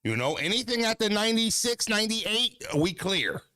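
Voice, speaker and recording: A man chatting casually, telling stories in a profane, animated way and laughing often. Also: sits high, moderate pace, smooth, no echo, clean studio sound. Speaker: streamer. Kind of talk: casual chat.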